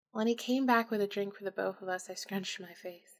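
A woman's voice: mid-range voice, normal speed. A woman narrating a supernatural story in the first person, in an intimate, emotional, confessional way.

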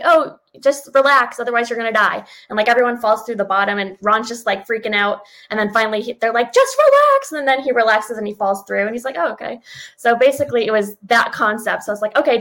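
Woman guest, slightly high voice, casual and blunt, swears freely and leans on fillers while she tells her story. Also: a bit bright, rough recording. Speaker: podcast guest.

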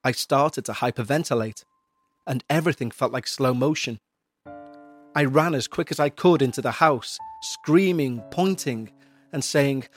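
A man hosting a podcast, reading out a listener's eerie story in a measured, somber way. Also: mid-range voice, soft background music. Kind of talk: narrated paranormal story.

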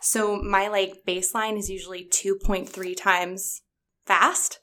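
A woman's voice: medium pitch, little pitch movement, slow, pushed and bright. A woman who works as a children's librarian, chatting casually and enthusiastically on a podcast and laughing often.

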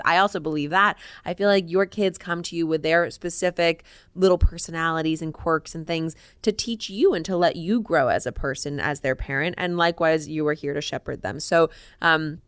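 Low-pitched reflective woman co-host. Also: no room sound. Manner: thoughtful, reflective, frequent restarts. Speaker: podcast co-host. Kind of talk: casual parenting chat.

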